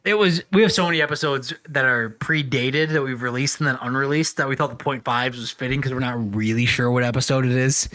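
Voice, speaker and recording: A man hosting a podcast in casual chat, rambling and joking, often breaking into animated quoted voices. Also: mid-range voice, brisk, few pauses, no room sound. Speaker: podcast host.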